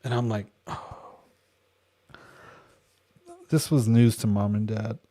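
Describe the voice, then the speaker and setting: A man from California leads a devotional Bible study in a casual teaching style, telling stories animatedly, acting out quoted voices and dropping in wry, joking asides. His fairly low, mellow voice moves a little fast with fairly even intonation.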